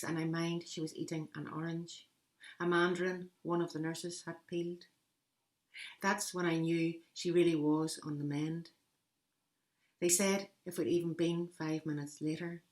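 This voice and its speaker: A woman's voice: sits low, level tone, a little slow, darkish tone. A woman poet voicing a plain-spoken Belfast woman, telling a story bluntly in an attempted Belfast accent. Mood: matter-of-fact.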